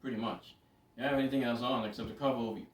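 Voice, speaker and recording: A man's voice: mid-range voice, racing. Guy vlogging, chatty storytelling, repeats stuff for emphasis, mic kinda far, roomy echo. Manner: animated, repeats words for emphasis. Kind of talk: casual storytelling.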